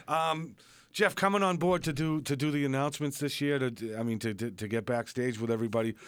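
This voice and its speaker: A man hosting a radio show in casual chat, quick and laid-back, saying "dude" a lot, on a studio mic. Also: medium pitch, fairly bright tone, clean tone, no room sound.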